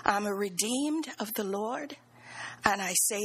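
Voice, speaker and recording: Middle-aged woman doing a church testimony, slow and husky with some gravel, earnest, drops to whispers now and then. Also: medium pitch, lively intonation, low-quality recording. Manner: earnest, halting, with soft whispered phrases. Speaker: church member giving testimony.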